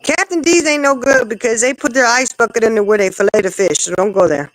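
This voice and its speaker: A woman, telling stories in a relaxed chat among friends. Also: quick pace, no echo, low-quality recording. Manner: chatty storyteller, animated with big swings in pitch. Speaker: co-host. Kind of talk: casual chat.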